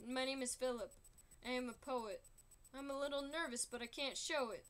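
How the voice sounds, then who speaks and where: An eager, proud young son, nervous but putting on a bold front, sung by a woman along with a musical as she draws. The voice sits high and rings bright. The singing is earnest. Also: moderate pace. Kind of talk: singing along while drawing.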